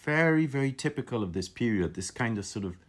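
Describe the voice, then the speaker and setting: A man's voice: medium pitch, expressive, quick pace. A man teaching calligraphy on a live stream, musing aloud with enthusiasm, often restarting his sentences. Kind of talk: live-streamed lesson, casual commentary.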